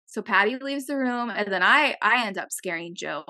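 A young woman co-hosting a podcast, telling a casual story and acting out quotes with big jumps in pitch. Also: lively intonation, normal speed, pushed and bright, no echo. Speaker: podcast co-host.

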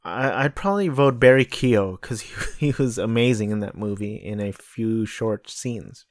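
A man's voice: on the low side, moderate pace, no echo. Blunt, offhand man in a dry room. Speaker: host. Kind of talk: casual chat.

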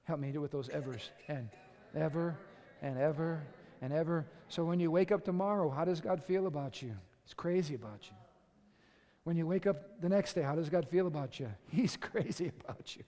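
An older man preaching a sermon in an animated, conversational way. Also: a little high, normal speed. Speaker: pastor. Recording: echoey hall.

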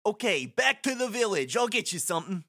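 A man's voice: high voice, sing-song, brisk, bright, forceful tone, slightly rough, no room sound, clean studio sound, voice pushed up, exaggerated voice. A man reading aloud as an easygoing male island ball-team coach, in a folksy, chatty way, sometimes putting on a New York accent. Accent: New York put-on. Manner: laid-back, folksy, chatty. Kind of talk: casual script read-aloud.

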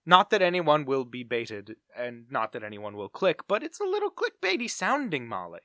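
Animated, bright-voiced podcast guy. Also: mid-range voice, moderate pace, no echo, clean studio sound. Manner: theatrical, jokey, rambling. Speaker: podcast co-host. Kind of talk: casual comedic chat.

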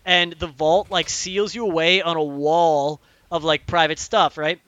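Young guy, high bright voice, swearing and ranting about a game plot, dry close sound. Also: measured pace, clean tone, no room sound, lo-fi sound. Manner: animated, profane ranting with lots of fillers. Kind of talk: casual chat, retelling a video game story.

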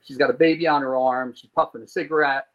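A man's voice: mid-range voice, fast talker, lo-fi sound. A man from New Jersey, a podcast guest telling a long personal story, acting out the people in it and swearing casually. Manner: animated storyteller who acts out quoted people and swears casually.

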